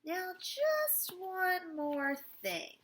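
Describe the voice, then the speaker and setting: A woman voicing a calm, sly male psychiatrist who hypnotizes his patient, speaking slow, soothing instructions in a storybook read-aloud. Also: a little high.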